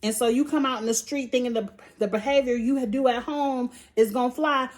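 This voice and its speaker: A woman's voice: on the high side, normal speed. A woman hosting a casual recap vlog, blunt and profane with lots of slang, animatedly acting out quotes. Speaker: show reviewer and channel host.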